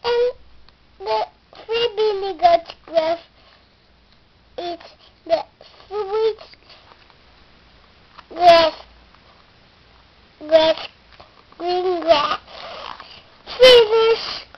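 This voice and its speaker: Very high-pitched little girl, halting. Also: dull audio, heavy background noise. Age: young child. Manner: halting, restarting often. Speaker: child storyteller. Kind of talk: retelling a fairy tale.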